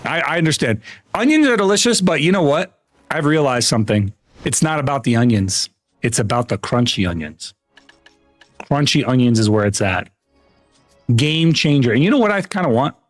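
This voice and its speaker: A man from the United States chatting casually on a gaming livestream, a rambling, profane storyteller who restarts his sentences and often jumps up in pitch. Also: big pitch swings, normal speed, no echo, faint music behind. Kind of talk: casual live-stream chat while gaming.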